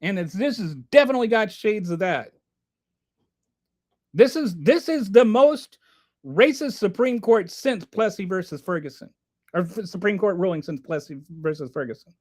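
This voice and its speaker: A man hosting a casual livestream, reading chat aloud and commenting in a rambling, animated way with many restarts. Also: sits high, moderate pace.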